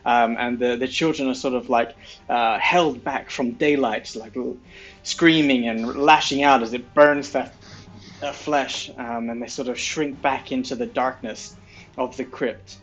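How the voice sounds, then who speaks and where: A man's voice: mid-range voice, fairly even intonation, unhurried, lo-fi sound, faint music behind. A man narrating as game master of a tabletop role-playing game, rambling with many fillers.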